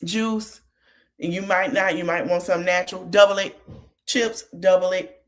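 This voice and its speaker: A woman's voice: on the low side, fairly even intonation, normal speed. A woman hosting a podcast, recapping a reality show in a casual way and giving motherly advice straight to the people on it. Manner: chatty, gives motherly advice straight to the cast.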